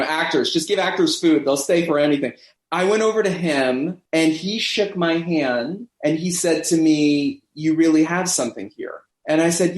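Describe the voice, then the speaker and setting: A man in his fifties, a podcast guest telling a long anecdote and acting out the voices of people he quotes. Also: fairly high pitch. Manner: animated, acts out quoted voices. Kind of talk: anecdotal storytelling in a podcast interview. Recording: echoey room.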